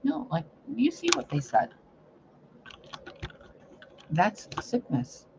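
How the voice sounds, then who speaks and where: Speaking slowly in a high, creaky voice whose pitch swoops wildly, a man rants as a psychic reader, profane and confrontational, in a spiritual monologue. The audio is muffled and lo-fi, with a little noise.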